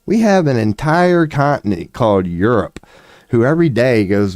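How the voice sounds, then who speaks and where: A man's voice: on the high side, big pitch swings, normal speed, mellow, no room sound, clean studio sound. A man giving a casual, profane, sarcastic rant, with short laughs between his points. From United States. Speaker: commentary vlogger. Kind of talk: casual ranting commentary.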